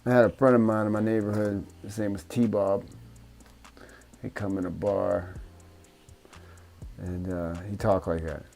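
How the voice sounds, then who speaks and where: A man with a low, gravelly voice, dark and mellow in tone, rambles as he works at his bench. He talks to himself in a casual, profane way in his home studio, with faint music playing behind him. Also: flat delivery, unhurried, pauses often. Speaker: FPV drone hobbyist. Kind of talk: casual workbench chat.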